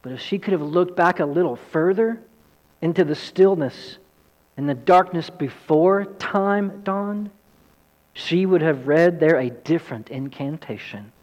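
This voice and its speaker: A man voicing a great wise male lion in a low, hushed, measured way, read aloud in a sermon. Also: natural voice. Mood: solemn. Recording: long hall reverb.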